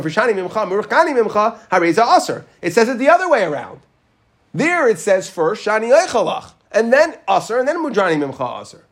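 A man teaching a Talmud class, walking through the text with questions and repeating Hebrew phrases in a chanting rhythm. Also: high voice.

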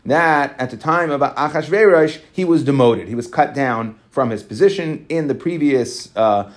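A man teaching a Talmud class, reading passages aloud and explaining them in relaxed English with frequent "right?" and "okay". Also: mid-range voice. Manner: reads Aramaic quickly, then explains in casual English with many "right?" and "okay".

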